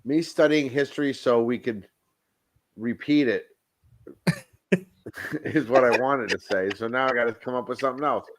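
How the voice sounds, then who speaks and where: A man's voice: mid-range voice, moderate pace, long pauses. A man contestant on an online game show, joking and flustered. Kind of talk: casual banter.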